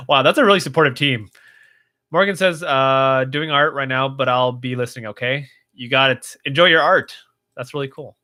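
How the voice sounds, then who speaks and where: A livestream host with a bright, forceful, mid-range voice talks at a normal speed, casually reading viewer comments aloud and chatting. He rambles a lot, filling his speech with fillers.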